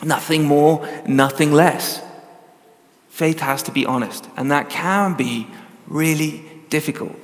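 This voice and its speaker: A man's voice: a little high, takes it slowly, big-room sound. A man preaching a sermon in an earnest, conversational teaching manner with frequent ums.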